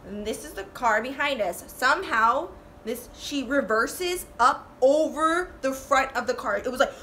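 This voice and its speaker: A woman in her twenties telling a storytime vlog in a casual, animated way, swearing and saying "like" a lot. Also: high-pitched, a little slow, slight background noise. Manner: animated, swearing, full of "like" fillers.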